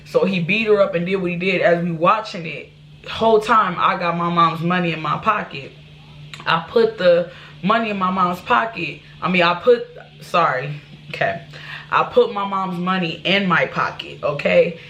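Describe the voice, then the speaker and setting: Woman, vlogger, personal storytelling, candid, rambling, bright tense voice, faint background hiss. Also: on the low side, moderate pace. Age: adult. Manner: candid, rambling with restarts and asides.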